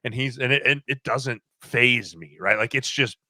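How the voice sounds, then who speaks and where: Lively storytelling man with bright tone. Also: medium pitch, normal speed, dry recording. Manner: animated storyteller, acts out quotes. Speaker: podcast guest. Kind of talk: casual chat.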